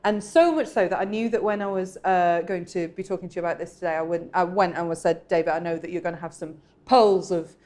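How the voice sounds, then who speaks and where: A woman co-hosting a casual chat podcast, animated and giggly, breaking into snatches of song, with her mic peaking when she gets loud. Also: on the low side, quick pace, few pauses. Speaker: podcast co-host. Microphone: microphone peaking when loud.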